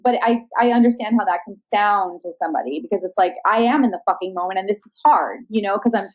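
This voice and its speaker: A woman's voice: mid-range voice, quick pace, rough recording. A woman in casual chat on a video call, talking candidly and swearing freely. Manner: candid, swears freely, acts out quoted talk. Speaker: guest.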